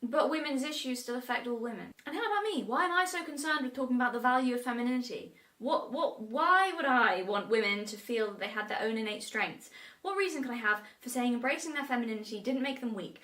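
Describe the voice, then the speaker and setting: English woman, fairly high voice, wry, recorded far off in an echoey room. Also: animated, quick pace, a bit bright. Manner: wry, indignant. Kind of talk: vlog commentary. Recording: roomy, distant mic.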